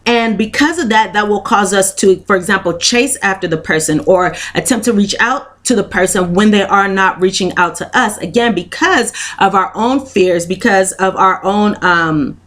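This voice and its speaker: A woman's voice: medium pitch, normal speed, few pauses, fairly bright tone. A woman giving a spoken tarot reading, earnest and encouraging, who repeats her phrases and leans on "you know" fillers. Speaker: tarot reader.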